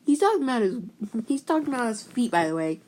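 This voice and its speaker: A woman's voice: fairly high pitch, sing-song, quick pace, darkish tone. A woman casually reading memes aloud, giggly and playful, slipping into silly voices. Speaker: meme reaction video maker. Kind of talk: casual meme reading commentary.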